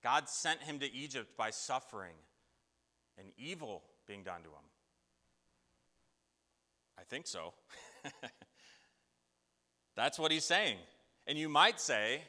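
Man, preacher, conversational sermon, forceful bright tone, long hall reverb. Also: mid-range voice, animated, unhurried. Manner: conversational preaching, asking imagined listeners' questions. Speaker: pastor.

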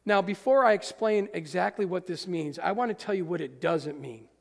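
A man preaches in a high, gravelly voice, and his words trail off into the long reverb of a big church hall. He talks straight to his congregation, emphatic, moving between hushed and forceful. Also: normal speed. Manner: addresses the congregation directly. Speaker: pastor. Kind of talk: sermon.

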